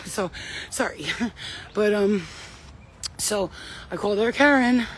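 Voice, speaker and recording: A woman's voice: mid-range voice, unhurried, pauses often, slight background noise. A woman vlogger telling a story in a casual rant, blunt, profane, heated and emphatic. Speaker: spiritual vlogger.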